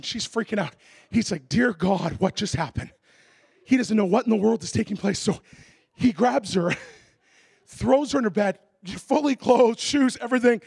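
A man preaching a sermon as a lively story, acting out voices and making comic sound effects. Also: extremely high pitch, creaky, husky, no room sound. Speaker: pastor.

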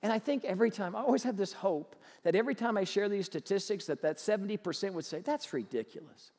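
Animated pastor preaching in a reverberant hall. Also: male voice, sits high. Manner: animated, acts out excited fans. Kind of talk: sermon. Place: church sanctuary. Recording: long church reverb.

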